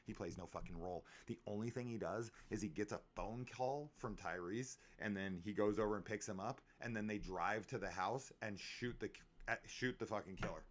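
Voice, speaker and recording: A man's voice: low-pitched, a little fast, hardly any pauses. A man reviewing a horror film in an exasperated rant, swearing freely and repeating himself in disbelief. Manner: exasperated, incredulous and profane, with frequent fillers and repeats.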